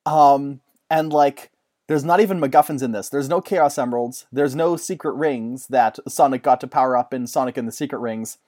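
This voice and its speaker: A man in casual chat, excitable and rambling, often laughing. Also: medium pitch, normal speed.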